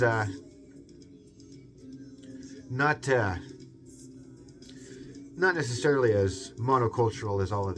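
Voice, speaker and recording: A man with a Seattle accent hosting a video essay in a rambling, digressive monologue full of fillers, musing aloud. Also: medium pitch. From US West Coast.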